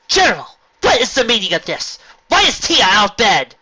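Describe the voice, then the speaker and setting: A man voicing a caring but firm queen mother pony in a higher, lilting voice. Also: big pitch swings, moderate pace, no room sound, full character voice. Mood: stern. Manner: gentle scolding, raised pitch. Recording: lo-fi home recording.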